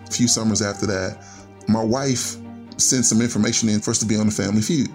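A man's voice: on the low side, fairly even intonation, fast talker, darkish tone, soft background music. A middle-aged man from Chicago telling a personal story in an earnest, conversational way, often linking thoughts with "and so". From Chicago, USA. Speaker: storyteller guest.

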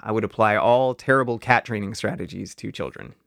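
A man's voice: fairly low pitch, brisk, gravelly, fairly bright tone, dry recording. A man co-hosting a casual comedy podcast, explaining a topic in a dry, wry way. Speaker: podcast co-host.

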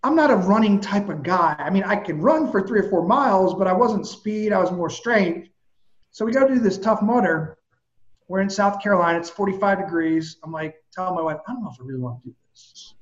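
High-voiced man telling a lively story. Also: brisk, reverberant, dull audio. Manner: animated, vivid storyteller who swears casually. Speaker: guest, personal trainer. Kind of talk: casual storytelling in a podcast chat.

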